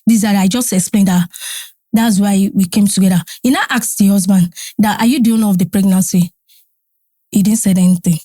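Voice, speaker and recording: A woman with a Nigerian accent, a podcast guest telling a story in animated casual talk, slipping into Pidgin and Yoruba. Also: mid-range voice, brisk, no room sound, studio quality. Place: podcast studio.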